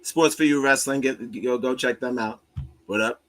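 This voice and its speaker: A man's voice: medium pitch, moderate pace. A man hosting a livestream, reacting in a casual, profane and joking way. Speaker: streamer host.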